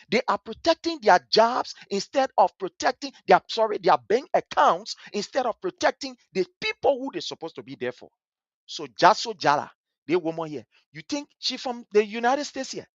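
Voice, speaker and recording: Indignant man, lively pitch. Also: normal speed, no room sound, lo-fi sound. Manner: indignant, repeats phrases for emphasis. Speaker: livestream host. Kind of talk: heated commentary on a live stream.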